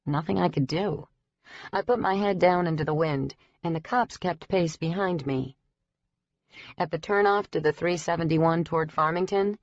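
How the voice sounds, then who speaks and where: A woman reading a first-person audiobook in a steady, even storytelling delivery. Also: lowish voice, no room sound. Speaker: audiobook narrator. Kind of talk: scripted first-person narration. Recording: dry, slightly dull recording.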